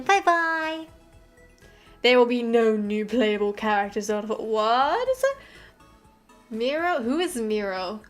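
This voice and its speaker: A young woman with an Australian accent and a slightly high voice chats on her live drawing stream. She swears often and mutters to herself as she works. Faint music plays in the background. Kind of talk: casual live-stream chat while drawing.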